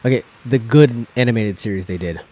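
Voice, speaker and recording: A man's voice: medium pitch, brisk, dark tone, poor audio. A man co-hosting a podcast, trading wry, profane banter in casual chat. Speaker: podcast co-host.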